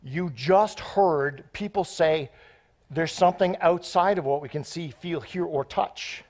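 A man preaches with excitable, off-the-cuff energy and breaks into banter with the people in front of him. His voice sits a little higher than most men's. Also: measured pace. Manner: excitable, off-the-cuff, joking with the congregation. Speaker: guest preacher. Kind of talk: sermon.

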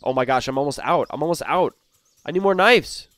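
Young man, gaming commentary, excitable, fairly high voice, very lively pitch, sudden loud outbursts. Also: a little fast. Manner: excitable, jumps between hushed muttering and loud outbursts. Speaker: gaming YouTuber.

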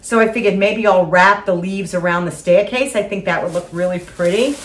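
Speaking briskly at a medium pitch, an older woman presents her shopping haul from home in a casual vlog, effusive and repetitive, with small laughs.

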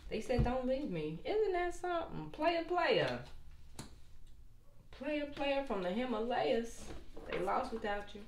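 A woman's voice: high voice, big pitch swings, takes it slowly, pauses often. An older woman doing a casual tarot reading for viewers, playful and chatty, slipping into sung asides. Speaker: tarot reader. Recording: echoey room with faint noise.

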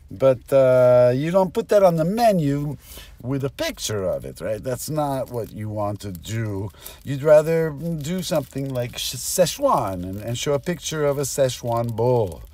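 Slow, rambling man with lively pitch. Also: no room sound. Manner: rambling, jumps between topics, self-interrupting. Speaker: comedic monologuist. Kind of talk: rambling improvised comic monologue.

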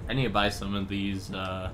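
A young man playing through a game with a friend, excitable, shouting and joking as he plays. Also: on the low side, normal speed, a little hiss or hum. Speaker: player on a gaming channel. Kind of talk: casual let's-play chat.

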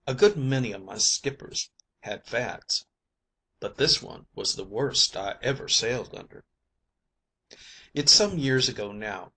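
A man's voice: medium pitch, expressive, a little slow, gravelly, long pauses, bright, forceful tone, slightly rough. A man reading a comic sea yarn as an audiobook, telling it as an old night watchman in a folksy sailor's dialect. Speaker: audiobook narrator.

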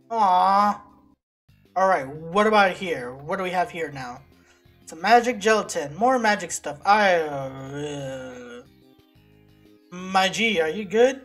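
A woman giving casual gameplay commentary, excitable and swearing as she reacts to setbacks. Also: medium pitch, takes it slowly, long pauses. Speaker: let's play gamer. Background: game music.

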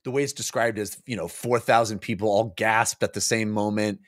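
A man's voice: fairly low pitch, fairly even intonation, brisk. A man co-hosting a casual book-club podcast, talking animatedly and slipping into playful voices. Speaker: podcast co-host.

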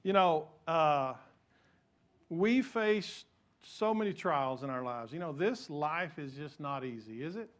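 A male pastor, preaching a sermon in a church, telling stories with many restarts and dropping to a soft voice to pray. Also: expressive, slow pace. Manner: storytelling with repeated restarts; drops to soft, low voice in prayer.

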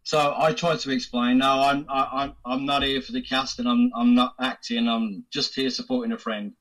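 A man's voice: mid-range voice, normal speed, rough recording. A man, an actor and podcast guest, telling anecdotes with laughs and put-on voices. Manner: lively, laughs often, does voices in anecdotes. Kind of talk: casual storytelling interview.

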